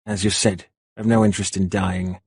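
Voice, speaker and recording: A man's voice: low-pitched, level tone, normal speed, creaky, a little mellow, husky, dry recording, studio quality, exaggerated voice. A man voicing a sullen, defiant young male prisoner.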